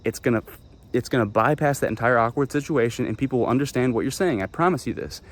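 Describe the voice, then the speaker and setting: A man's voice: medium pitch, quick pace. A young man giving casual travel advice straight to camera, blunt and emphatic, swearing freely and repeating his promises.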